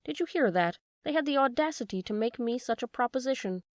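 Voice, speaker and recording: A woman's voice: a little high, expressive, brisk, no room sound, clean studio sound, natural voice. A woman voicing an earnest wooden boy marionette in a storybook reading.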